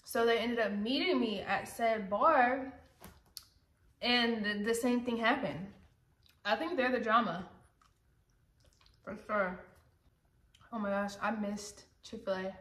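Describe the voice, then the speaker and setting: A woman's voice: mid-range voice, a little slow, pauses often, fairly bright tone. A young woman vlogger chatting casually and rambling, sometimes talking with her mouth full while eating at home. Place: indoors at home, sitting hunched over. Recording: roomy home recording with faint noise.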